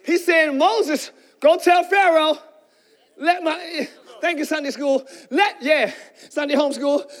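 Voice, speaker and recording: A male pastor preaching a sermon with fervent energy, often shouting and calling out to the congregation. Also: very high voice, measured pace.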